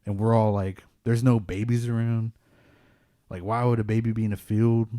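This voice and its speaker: Speaking at a normal pace, a man with a deep, warm voice shares his own ghost story on a podcast. His telling is laid-back and meandering, packed with "like" as a filler. The sound is close and dry, without any room noise.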